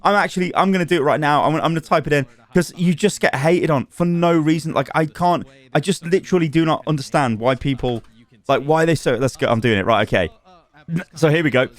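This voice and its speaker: A man hosting a casual gaming news channel, chatty and animated, laughing at his own asides. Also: on the high side, a little fast.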